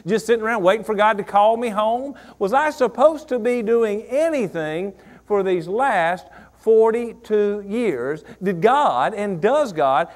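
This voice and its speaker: Male pastor, 40s, high voice, lively preaching delivery. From Mississippi. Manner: animated, repeats phrases, asks the congregation questions. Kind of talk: sermon.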